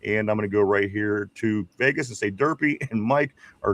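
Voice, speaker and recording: A man's voice: mid-range voice, normal speed, few pauses, no room sound. A man with a Pittsburgh accent hosting a live sports stream, reading viewer comments aloud in a rambling, casual way. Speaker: podcast host.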